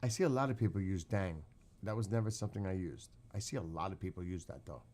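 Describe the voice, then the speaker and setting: A man's voice: sits low, animated, quick pace, mellow. A man with a New York accent chatting casually with his live-stream viewers late at night, quizzing the chat and laughing often.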